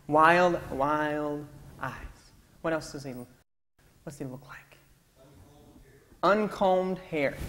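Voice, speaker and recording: In a church sanctuary, a male pastor gives an interactive, conversational sermon, coaxing the congregation to call out answers. His voice is a little high with a darkish tone. The recording carries long church-hall reverb, faint ambience and slight background noise.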